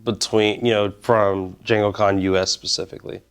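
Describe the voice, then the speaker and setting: A man with a smooth, clear voice, pitched a little low, chatting easily as an interviewer. He rambles comfortably and fills his speech with "like" and "you know.". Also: normal speed. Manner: relaxed, filler-heavy, rambling talk. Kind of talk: casual conversation.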